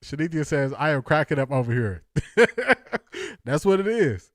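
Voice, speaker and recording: An Ohio man hosting a casual sports talk stream reads chat in an animated voice on the high side, at normal speed. He jokes around, laughs often and repeats lines for effect; the studio sound is clean with no echo.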